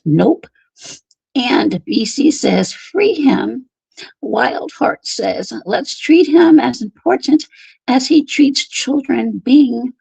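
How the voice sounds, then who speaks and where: Slow, gravelly woman hosting a livestream. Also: a little high, a little mellow, dry recording, low-quality recording. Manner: laughs often while reading comments aloud. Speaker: livestream host. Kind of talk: casual livestream chat, reading viewer comments.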